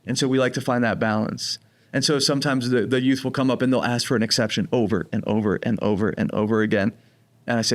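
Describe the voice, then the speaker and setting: A man from New Jersey with a light New Jersey accent, a program director giving calm, jokey explanations in a podcast interview. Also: medium pitch, quick pace. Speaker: program director of teen residential treatment.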